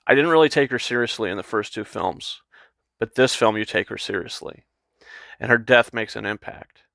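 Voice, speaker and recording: A man giving a casual, excited movie review in a rambling style, with lots of restarts and paraphrased quotes. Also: lowish voice, normal speed, gravelly, no echo, studio quality. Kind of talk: casual spoiler review monologue.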